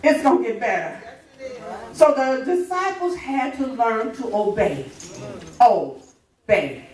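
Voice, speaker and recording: High-voiced woman preaching in an echoey church. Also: a little slow. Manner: lively, laughing, half-singing call-and-response preaching. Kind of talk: sermon. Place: church sanctuary. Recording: roomy church sound from a distance. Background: congregation responding.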